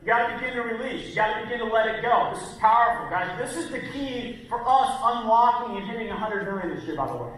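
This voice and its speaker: A man giving an energetic, punchy motivational talk on stage, speaking directly to the crowd in a large hall. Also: very high voice, fast talker, few pauses. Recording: echoey hall from far off, faint noise.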